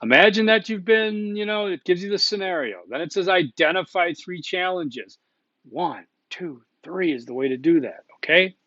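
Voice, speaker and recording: A male instructor talks through course rules in a loose, offhand lecture. His voice sits a little high, and he often stops to check in with the class. The recording is dull and muffled, with no room echo. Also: normal speed, few pauses, sharp tone. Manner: casual and blunt, with many asides and okays. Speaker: college instructor.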